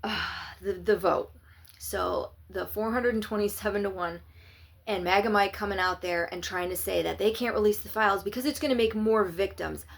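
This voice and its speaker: A woman's voice: mid-range voice, steady tone, moderate pace, creaky. A woman giving opinionated, sarcastic political commentary in a casual vlog. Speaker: political vlogger.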